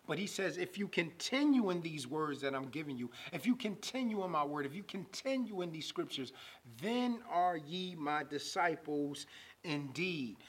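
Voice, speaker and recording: A man preaching a sermon, building to loud emphatic passages and slowing to draw out scripture. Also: a little high, big pitch swings, husky.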